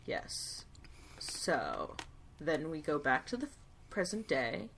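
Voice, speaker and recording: A woman with a lowish voice co-hosting a podcast recap. She keeps things breezy and wry, tossing in jokey asides as she sums things up, with a faint hiss behind her. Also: big pitch swings, slow, creaky, a bit bright. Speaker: podcast co-host. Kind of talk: casual recap chat.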